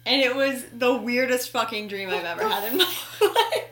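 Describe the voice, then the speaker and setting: A young woman co-hosting a podcast, telling a story in an animated, giggly way and swearing freely. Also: on the high side, moderate pace. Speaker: podcast co-host. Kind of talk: casual chat. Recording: echoey room.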